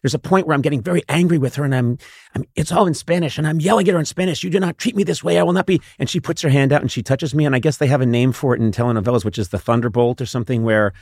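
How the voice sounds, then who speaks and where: A middle-aged man from Boston hosting a talk show, telling animated, self-mocking stories in casual chat. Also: medium pitch, racing, no echo, studio quality.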